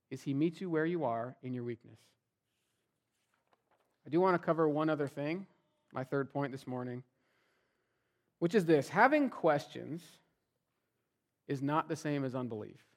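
A man preaching a sermon as pastor, talking to the congregation in a conversational way and acting out what people might say. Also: on the high side. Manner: conversational preaching, acts out quoted voices.

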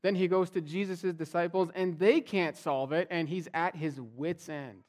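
Conversational pastor preaching a sermon. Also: male voice, fairly high pitch, normal speed, a little mellow. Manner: conversational preaching, acts out quoted voices.

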